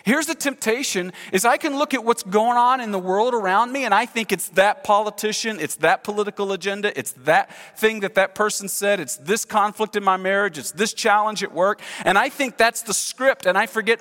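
High-voiced animated male pastor preaching. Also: a little fast, hardly any pauses. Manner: animated, acts out quoted speech, leads congregation in call-and-response. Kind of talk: sermon. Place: church sanctuary. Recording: long hall reverb in church.

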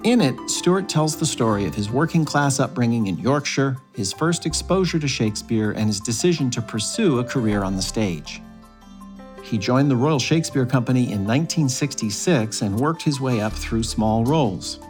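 A man reading a scripted podcast introduction in a clear, even manner. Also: mid-range voice, normal speed. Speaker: podcast narrator. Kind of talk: scripted narration. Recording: faint music bed underneath.

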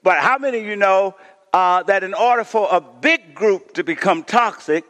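High-voiced preaching pastor in a reverberant hall. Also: male voice, moderate pace. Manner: preaching, calls on the congregation to shout responses; reads scripture, voicing the complaining crowd with rising intensity. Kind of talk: sermon.

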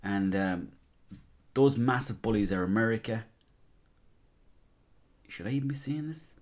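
A man's voice: fairly low pitch, unhurried, a little mellow. An Irish man hosting a podcast, talking in a casual, rambling, sweary and jokey monologue. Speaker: podcast host.

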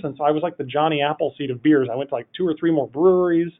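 A man, a guest on a podcast, telling a funny anecdote in an animated, rambling way full of "like". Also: fairly high pitch, fast, hardly any pauses. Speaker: podcast guest, city project manager. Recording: tinny phone-line audio.

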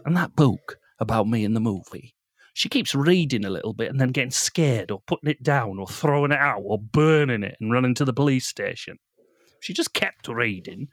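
A man's voice: medium pitch, dry recording. A man voicing a tall male monster with a put-on Australian accent, swaggering and crude. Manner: swaggering, crude, breaks into laughter. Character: the Babadook, tall male monster obsessed with worms. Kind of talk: comedy podcast character bit.

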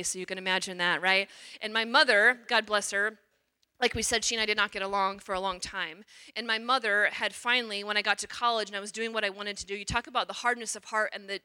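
A middle-aged woman who is a religious sister gives a personal testimony talk in a smooth, medium-pitched voice. She's an animated storyteller who acts out the quotes.

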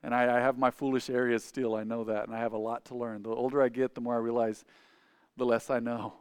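Man preaching, emphatic then hushed. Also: mid-range voice, flat delivery, fast talker, smooth, dry recording, clean studio sound. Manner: conversational, asks the congregation questions; swings between loud emphatic and quiet asides. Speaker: pastor. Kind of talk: sermon.

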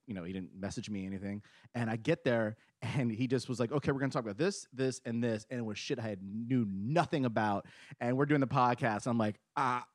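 Profane podcast guest, man, lively swooping pitch, very dry close sound. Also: dry recording. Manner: brash, profane, animated ranting. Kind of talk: casual comedy podcast chat.

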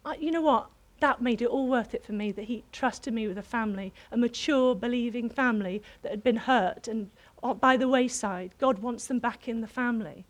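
A woman with a high voice gives a sermon. She tells a personal story in a lively way, and her laughter keeps breaking through. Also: normal speed, hardly any pauses. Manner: animated, bursts into laughter while telling a story. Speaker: preacher.

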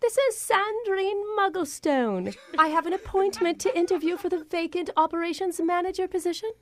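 A woman's voice: very high voice, animated, normal speed, pitched above the performer's own voice. A woman putting on a pompous fake-posh English applicant. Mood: hammy posh. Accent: put-on English. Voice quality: exaggerated, silly, rambling.

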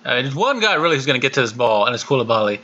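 A man speaks fast about football in an animated podcast chat, with a bright, forceful voice and frequent "uh" restarts. His audio comes through dull and lo-fi, like a remote line. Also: mid-range voice. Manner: rapid, animated, lots of "uh" restarts. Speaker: podcast co-host.

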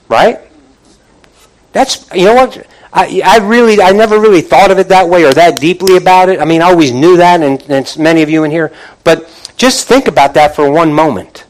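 A man's voice: fairly high pitch, normal speed, rough recording. Man preaching a conversational sermon. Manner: conversational retelling with frequent restarts; asks the congregation for responses. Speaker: pastor.

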